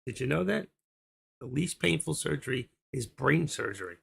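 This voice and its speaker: A man's voice: mid-range voice, expressive, normal speed, gravelly, fairly bright tone, breathy edge. A man hosting a trading live stream, rambling casually and muttering his thoughts aloud as he goes.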